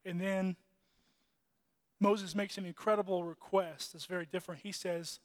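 A man's voice: sits high, level tone, normal speed, pauses often. A man giving a casual, conversational sermon, retelling a story with restarts, fillers and chuckles. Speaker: preacher.

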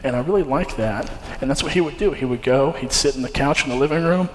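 A man's voice: fairly high pitch, fairly quick, few pauses, slight background noise. A young man preaching a sermon, telling a personal story in an earnest, conversational way with frequent fillers and restarts. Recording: long hall reverb, faint ambience.

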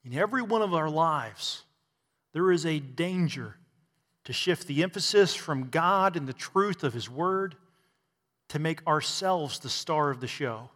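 A man's voice: fairly high pitch, expressive, measured pace, a bit bright, long reverb tail. A man preaching a sermon to a congregation, asking rhetorical questions and adding bits of humor. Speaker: pastor.

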